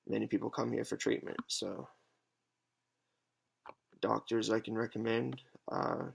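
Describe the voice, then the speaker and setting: A man in his twenties giving a halting, hesitant, unscripted monologue with many pauses and fillers. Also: fairly low pitch, fairly even intonation, vocal fry, husky. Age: 20s. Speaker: patient advocate vlogger. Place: alone at home.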